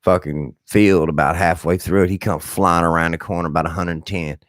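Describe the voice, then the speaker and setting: A man in his thirties, a bit hoarse, telling rambling stories on his live stream in a blunt, profane, animated way. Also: low-pitched, normal speed, no echo, studio quality. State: slightly hoarse. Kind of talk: rambling casual storytelling.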